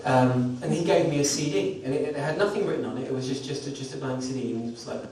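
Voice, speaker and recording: A man's voice: medium pitch, fast, darkish tone. A man telling a rambling, self-deprecating story to introduce a song to a small audience during a live performance in a recording studio. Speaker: singer-songwriter performing live. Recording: roomy, distant live recording with background noise.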